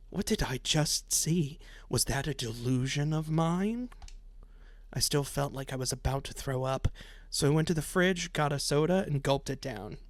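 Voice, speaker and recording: A man plays through a visual novel on stream, reading the lines in his own voice and cutting in with snarky, cursing jabs. His voice sits a bit high for a man. The sound is close and dry with no room to it. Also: no room sound. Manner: sarcastic, profane running commentary; frequent laughing asides. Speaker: let's play streamer.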